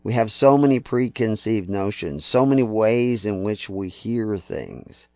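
An older man from Texas speaks in a very low, deep voice and tells stories in a relaxed, folksy way. He rambles and pauses often with fillers. The sound is dry and close, with no room echo. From Texas, United States. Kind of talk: relaxed storytelling talk.

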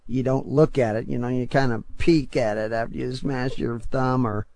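An older man preaching on his radio show, talking in a rambling, conversational way and building to forceful, emphatic points. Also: medium pitch, steady tone, normal speed, vocal fry, no room sound.

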